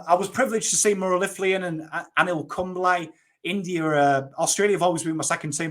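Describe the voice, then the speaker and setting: His voice is a little high and a bit bright: a Northern English cricket YouTuber in his thirties, talking cricket casually and eagerly. He speaks with a Yorkshire accent and is blunt, with some swearing.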